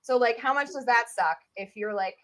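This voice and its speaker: A woman with a Southern US accent talks as an expert guest in an easygoing interview. Her voice sits high, and she chats in an animated way, full of fillers and quick asides. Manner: chatty and animated, many fillers. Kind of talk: casual interview chat.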